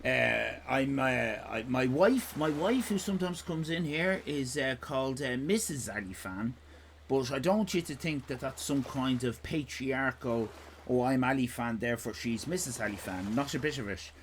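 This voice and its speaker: Irish male streamer, digressive and swearing, with a bouncy, expressive voice and a faint hiss of room ambience. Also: medium pitch, moderate pace, gravelly. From Ireland. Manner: rambling, digressive, sweary, jokey. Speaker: live streamer host. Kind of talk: casual live-stream chat.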